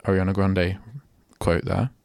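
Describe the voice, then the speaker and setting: A man's voice: low-pitched, completely flat delivery, a little slow, creaky, a little mellow, dry recording, studio quality. A young man hosting a solo radio show, rambling and chatting casually, often breaking off mid-sentence. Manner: rambling, self-interrupting, chatty. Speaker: radio host. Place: radio studio.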